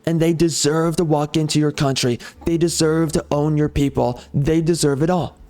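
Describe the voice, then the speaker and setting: A man's voice: on the high side, fairly even intonation, normal speed, a little mellow. A man ranting off the cuff over gameplay, heated and sarcastic, often repeating himself. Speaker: gaming channel host.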